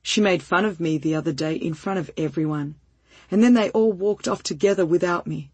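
A woman reading a story and voicing a sensitive young girl who is crying, in a breathy voice. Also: on the low side, brisk, a little mellow, no echo. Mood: tearful.

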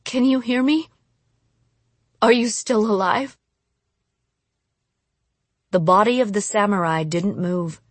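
A woman narrates a first-person audiobook in a measured, expressive way. She reads slowly at a mid pitch, and the voice is close and dry with no room sound. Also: no echo.

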